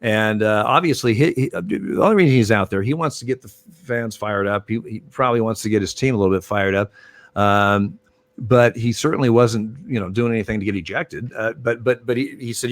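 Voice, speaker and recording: Older man, lowish voice, dry sound, rambling anecdotes, lots of fillers. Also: a little fast, dry recording. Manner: rambling, many restarts and fillers. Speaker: retired baseball umpire, guest. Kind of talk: casual interview storytelling.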